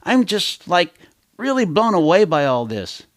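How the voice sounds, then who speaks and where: A man voicing a gushing teenage girl who says "like" constantly, in a breathless, excited way. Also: sits high, unhurried, no echo, clean studio sound, voice pushed up.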